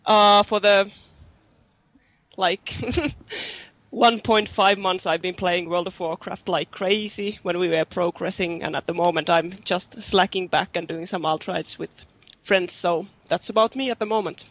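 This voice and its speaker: A man's voice: sits high, fairly even intonation, measured pace, fairly bright tone, no room sound. A man guest in a casual voice-chat interview, chatty and laughing between phrases. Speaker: guest, guild raider.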